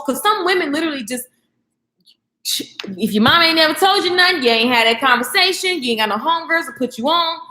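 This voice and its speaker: Animated woman live streaming in an echoey room. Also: sits high, fast, slight background noise. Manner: animated and slangy, laughs often, talks to viewers. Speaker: live stream host, beauty professional. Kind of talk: casual live stream chat. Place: echoey room, home at night.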